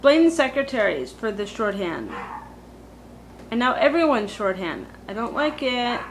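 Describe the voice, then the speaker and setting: A woman's voice: on the high side, big pitch swings, a little slow, background noise. A woman doing a comedic valley-girl monologue, full of "like" and "totally," ranting with exaggerated drama.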